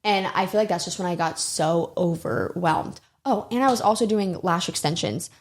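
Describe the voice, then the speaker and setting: A young woman guesting on a podcast, telling animated, self-deprecating stories in a casual chat. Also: lowish voice, normal speed. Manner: animated storyteller, self-deprecating, says "literally" a lot.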